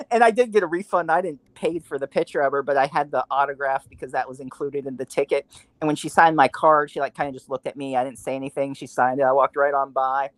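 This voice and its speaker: A man's voice: a little high, fast, no echo. A man on a podcast panel telling a long anecdote in casual chat, acting out the voices of the people he quotes. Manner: animated storyteller, acts out quotes.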